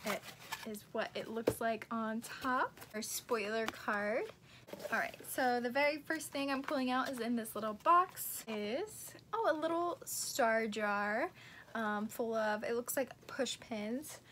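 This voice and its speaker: A woman's voice: on the high side, unhurried, fairly bright tone, a little hiss or hum. A young woman chatting casually as she unboxes book merchandise, gushing and easily awed.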